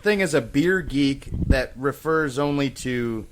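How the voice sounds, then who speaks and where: A man's voice: medium pitch, unhurried, background noise. A man co-hosting a casual podcast, laid-back and joking as he argues a point with his friends. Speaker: podcast co-host. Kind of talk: casual chat.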